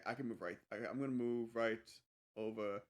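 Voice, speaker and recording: A man playing a tabletop game in a casual, animated way, often stumbling over his words. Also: medium pitch, brisk. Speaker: player.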